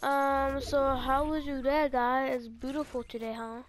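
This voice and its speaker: A woman's voice: high voice, little pitch movement, a little slow. A teenage girl giving casual, rambling gameplay commentary and talking straight to her viewers. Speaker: gaming video creator.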